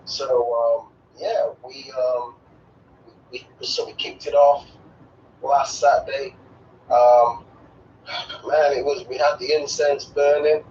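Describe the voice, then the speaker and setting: A middle-aged man from England, answering remote interview questions in a measured way with frequent hesitations. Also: mid-range voice, little pitch movement, darkish tone. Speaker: guest. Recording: distant, roomy, lo-fi call audio with faint noise.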